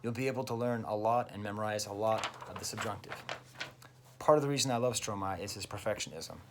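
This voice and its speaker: A man's voice: fairly low pitch, fast, noisy background. Enthusiastic man teaching French. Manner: enthusiastic, lively, explains step by step. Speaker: French teacher and music reviewer. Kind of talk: casual video lesson.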